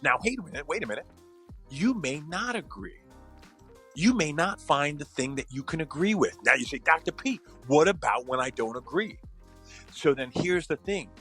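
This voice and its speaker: Husky-voiced man giving relationship advice. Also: mid-range voice, pushed and bright. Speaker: psychologist and podcast host. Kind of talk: casual advice talk.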